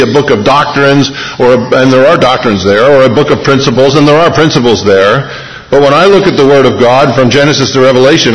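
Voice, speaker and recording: A man preaching a sermon as pastor, speaking in an earnest, measured way with deliberate pauses. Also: mid-range voice. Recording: reverberant hall.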